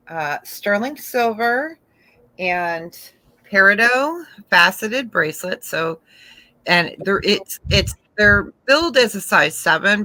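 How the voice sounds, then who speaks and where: A woman's voice: mid-range voice, bright, forceful tone, low-quality recording. A middle-aged woman co-hosting a live-stream jewelry auction, chatting and describing pieces, laughing often.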